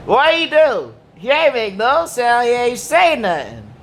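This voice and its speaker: High, lively man ranting slowly. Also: slight background noise. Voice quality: damaged vocal cords. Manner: rambling, repetitive, slangy. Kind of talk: casual rant to camera.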